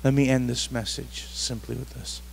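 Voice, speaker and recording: A man's voice: mid-range voice, level tone, normal speed, gravelly, a little hiss or hum. A man pastor preaching a sermon at a church service, emphatic and fond of repeating his phrases.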